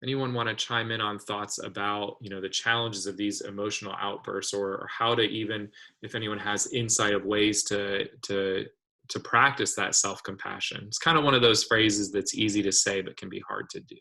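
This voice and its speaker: A man leads an online community discussion with a low voice that still sounds crisp and forceful. He speaks thoughtfully, pausing on fillers and restarting phrases. He is heard through a video call. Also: steady tone, rough recording. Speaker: webinar host.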